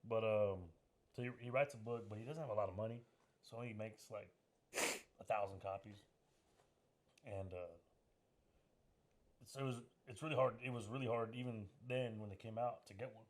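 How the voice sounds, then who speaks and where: A man, a comedian guest on a podcast, telling a story in a relaxed, hesitant way with lots of fillers. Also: lowish voice, moderate pace, pauses often. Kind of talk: casual storytelling chat.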